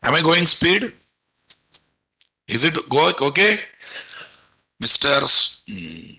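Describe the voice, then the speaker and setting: Guy teaching an online class, super bright sharp voice, keeps asking the students "what?" over and over. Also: fairly high pitch, big pitch swings, slow pace, creaky, husky, low-quality recording. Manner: quizzes students with rhetorical "what?" questions; repetitive, coaxing teacherly delivery. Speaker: programming instructor. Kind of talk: live online lecture.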